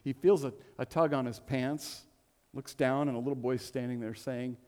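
A man's voice: medium pitch, fairly even intonation, moderate pace, darkish tone. Middle-aged male pastor in echoing hall. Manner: storytelling with humor, repeats words. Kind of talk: sermon. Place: church hall. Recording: long hall reverb.

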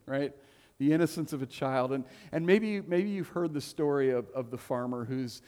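Middle-aged male preacher, story-driven sermon with jokes, halting repeats; mid-pitched, big reverberant hall. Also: dark tone. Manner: storytelling with humor, repeats words. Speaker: pastor. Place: church hall.

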